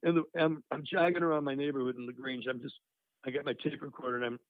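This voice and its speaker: A man's voice: medium pitch, little pitch movement, fast talker, no room sound. An older man, a musician guest, telling career stories in a rambling way full of "you know" and "uh". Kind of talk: casual storytelling interview. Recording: dry, tinny phone-line sound.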